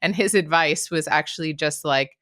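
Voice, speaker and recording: Low-voiced laughing woman podcast host. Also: moderate pace. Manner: warm, laughs often, reflective. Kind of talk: casual podcast interview.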